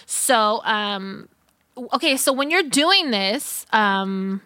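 A woman's voice: medium pitch, lively intonation, extremely slow, sharp tone, clean tone, no room sound. A woman, telling a story on a podcast in profane casual chat and acting out the quotes.

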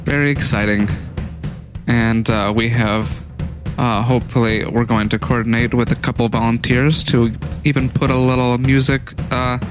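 A man co-hosting a podcast, casually and cheerfully announcing plans for the show. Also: medium pitch. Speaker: podcast co-host. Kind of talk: casual chat.

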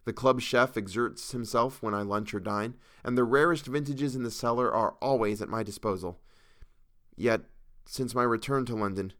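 A man reading a first-person tale aloud in a measured, earnest storytelling manner. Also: fairly low pitch, a bit bright, clear, resonant tone, no echo, studio quality. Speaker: audiobook reader. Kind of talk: first-person audiobook narration.

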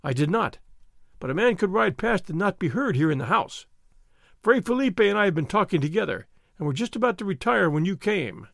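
Brief: narrator doing an idle, well-bred gentleman, lightly mocking, high lively voice. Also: a little fast, creaky, no echo, clean studio sound, full character voice. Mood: languid. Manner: leisurely, mildly teasing, refined. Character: languid young male nobleman, mild and mocking. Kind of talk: audiobook character reading.

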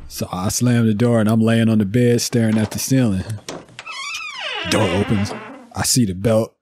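A man hosting a podcast, mixing casual chat with scripted clip intros in a dry, low-key way. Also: fairly even intonation, normal speed, over music. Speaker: podcast host.

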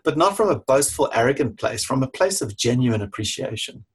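A man's voice: mid-range voice, very animated, fairly quick, slightly rough. A middle-aged man, a leadership coach, talking frankly and casually, swearing freely and acting out little exchanges. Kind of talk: casual talk to camera.

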